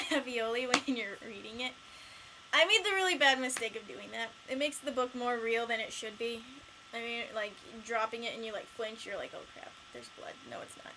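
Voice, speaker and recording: A teenage girl chatting casually in a home vlog, rambling and excitable with lots of fillers. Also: a little high, noisy background. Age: late teens. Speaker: vlogger.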